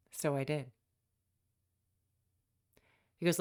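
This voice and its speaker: A woman's voice: a bass voice, measured pace, pauses often, darkish tone. A middle-aged woman hosting a podcast, telling a personal story in a reflective, wry way and acting out the people she quotes. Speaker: podcast host.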